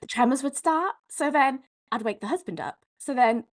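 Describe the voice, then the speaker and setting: A woman's voice: high voice, moderate pace. A woman, a podcast guest, frankly telling her personal story in a chatty way full of "like" and the odd swear. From Wales. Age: adult mother. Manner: frank, expressive, peppered with "like" and mild swearing. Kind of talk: candid conversational storytelling.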